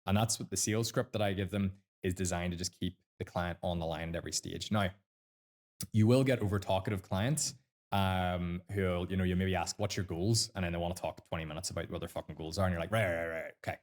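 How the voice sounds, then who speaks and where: Fast-talking Northern Irish man, low voice. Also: steady tone, a little mellow. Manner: blunt, sweary, fast-talking. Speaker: sales mentor guest. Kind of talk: casual podcast chat.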